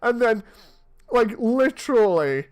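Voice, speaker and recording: Dude in his 30s, fairly high voice, rambly chat while gaming. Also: sing-song, slow pace. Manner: rambling, chatty anecdotes. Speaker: streamer. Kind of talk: casual chat while playing.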